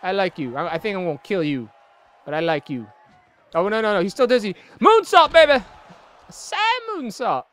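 A man commentating his own wrestling video game play, excitable and profane, trash-talking his opponent, groaning at hits and yelling when things go wrong. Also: sits high, quick pace, smooth. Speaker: gameplay commentator.

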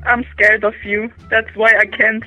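A woman calling in as a fan, giggly and flustered, stammering through an excited phone call. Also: on the high side, measured pace, soft background music. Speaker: fan caller.

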